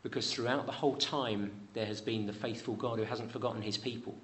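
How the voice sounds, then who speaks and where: A man preaching a sermon in a church. He rises high on pleading questions and drops low and soft on promises. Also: fairly even intonation, fairly quick.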